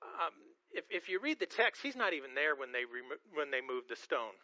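Preaching earnestly a little fast, a male pastor with a high, bright voice and big pitch swings often trips over and repeats a phrase's opening word. He poses questions to his listeners as he goes, and the dry, slightly dull sound has no echo.

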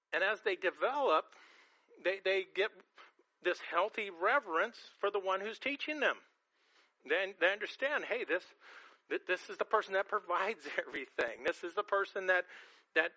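A man's voice: high-pitched, pushed and bright, no room sound, highs cut off. A man preaching a sermon in a conversational way, often repeating and restarting words, sometimes acting out quoted reactions. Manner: acts out quoted reactions in a changed voice.

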